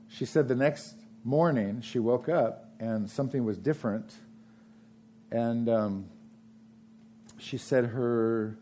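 A man preaching a sermon, retelling a parable with lively acted-out voices. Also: mid-range voice, slight background noise. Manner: animated storytelling, acts out parable voices. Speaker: pastor.

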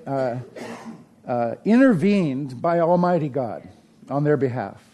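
Mellow-voiced preacher man. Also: a little high. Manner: conversational preaching, swells to emphatic peaks. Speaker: pastor. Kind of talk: sermon. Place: church sanctuary.

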